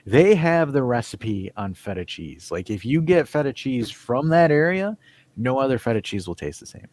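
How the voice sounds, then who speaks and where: A man's voice: mid-range voice, very animated, moderate pace, a little mellow. A man co-hosting a casual podcast, chatting loosely and reading out viewer comments. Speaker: podcast co-host.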